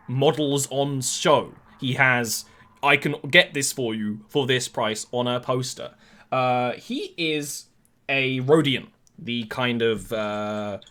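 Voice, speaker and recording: A man's voice: medium pitch, sharp tone. A man narrating as game master of a tabletop game, with easygoing, rambling descriptions full of fillers.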